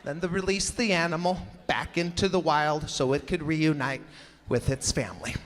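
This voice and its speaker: High-voiced, animated stand-up comedian. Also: male voice, normal speed. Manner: animated, acting out family members in loud bursts. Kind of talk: stand-up routine. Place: theater stage. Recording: live show in a large reverberant venue with crowd noise.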